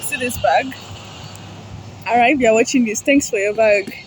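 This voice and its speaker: A woman's voice: on the high side, moderate pace. A young woman vlogging to her phone outdoors on a busy street, chatty and rambling and laughing often. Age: young adult. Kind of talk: casual vlog talk to camera. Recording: loud traffic noise outdoors.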